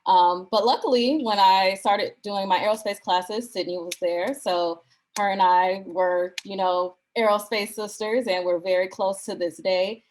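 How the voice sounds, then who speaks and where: A woman from Michigan speaking as a panelist, thoughtful and measured, with frequent pauses. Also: medium pitch, fairly even intonation, low-quality recording. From Flint, Michigan. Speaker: alumna panelist. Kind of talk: panel discussion.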